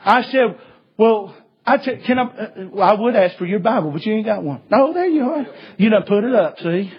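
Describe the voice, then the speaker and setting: A man preaching a sermon, telling a story in a folksy way and swinging from hushed tones to shouts. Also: high voice, a little fast, slightly rough. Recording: dull lo-fi recording.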